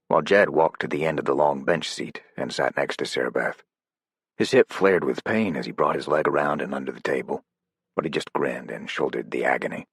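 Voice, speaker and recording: A man narrating a thriller audiobook in a steady, even storytelling manner. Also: extremely low pitch, husky, no echo, clean studio sound. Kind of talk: scripted narration.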